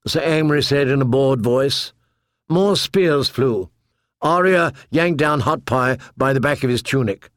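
A man narrating a story in a measured, deliberate way into a close studio mic. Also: medium pitch, a bit bright, dry recording. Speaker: audiobook narrator. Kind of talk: scripted narration.

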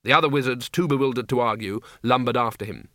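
A man's voice: medium pitch, quick pace, pushed and bright, dry recording, clean studio sound. A man narrating a comic fantasy audiobook in a wry storytelling manner.

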